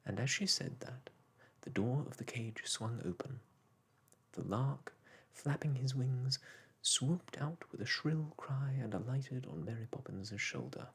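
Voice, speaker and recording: Slow, gravelly man reading a bedtime story. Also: medium pitch, expressive. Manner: gentle and unhurried. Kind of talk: soft bedtime story narration.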